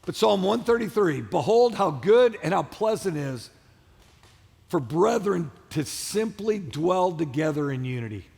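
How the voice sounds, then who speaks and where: A male pastor delivers an emphatic sermon in a large church auditorium, his voice high and gravelly. He drives his points home through repetition and shouted peaks, and keeps calling on the congregation to answer him. The long reverb of the hall hangs behind every line. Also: sing-song, measured pace. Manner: preaching with call-and-response to the congregation.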